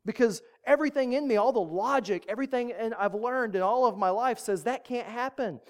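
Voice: mid-range voice, fairly quick. A pastor giving a casual, joking sermon that walks the congregation through a Bible reading.

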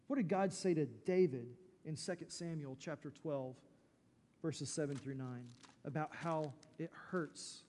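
A man's voice: a little high, a little slow, dark tone, slight background noise. A man preaching a sermon as pastor, emphatic and full of rhetorical questions. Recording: long reverb from a large hall.

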